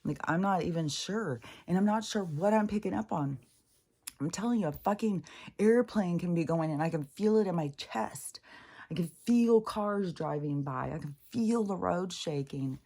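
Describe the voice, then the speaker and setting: A woman's voice: lowish voice, expressive, moderate pace, dark tone. A middle-aged woman talking in a rambling, casual monologue, swearing freely, laughing often and trailing off mid-thought. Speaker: spiritual vlogger.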